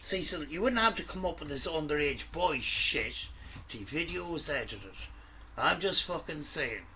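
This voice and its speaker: A man's voice: on the high side, animated, moderate pace, sharp tone, slight background noise. A man doing an angry, sweary reaction commentary, mocking and ranting at the video he watches. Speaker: commentary YouTuber.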